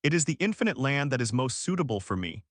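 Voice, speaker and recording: A man's voice: mid-range voice, very animated, fast talker, no room sound, studio quality. A man reading the lines of an arrogant self-proclaimed god in an audiobook, with a haughty, lofty delivery. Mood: grandiose.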